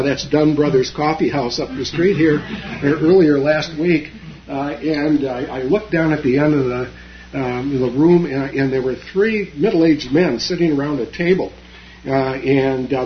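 A man giving a dharma talk, retelling a story with frequent fillers and pauses. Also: fairly high pitch, lo-fi sound, a little hiss or hum. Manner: halting, many fillers.

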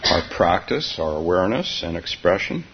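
A man giving a dharma talk as a meditation teacher, soft-spoken and halting, often laughing gently between phrases. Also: deep voice, very animated. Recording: dull, slightly hissy recording.

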